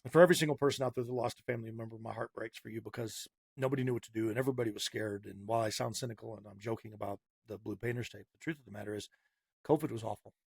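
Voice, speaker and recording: A man's voice: on the low side, racing, vocal fry, slightly rough, no room sound, clean studio sound. A man hosting a podcast, delivering a heated, sarcastic opinion monologue with punchy repetition. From Massachusetts. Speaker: podcast host.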